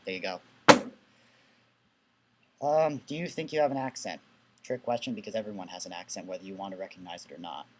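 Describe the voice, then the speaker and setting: A man's voice: lowish voice, quick pace, noisy background. Young man with a Southern New England accent. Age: young adult. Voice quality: glottal stops on T sounds. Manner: sardonic, dry complaints. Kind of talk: casual vlog answering questions.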